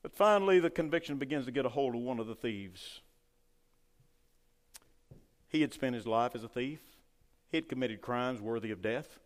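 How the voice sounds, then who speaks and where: A man preaching a sermon with fervor, rising loud and dropping to a hush. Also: mid-range voice, lively intonation, normal speed, long pauses. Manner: fervent preaching, swings between loud and hushed. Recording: long hall reverb.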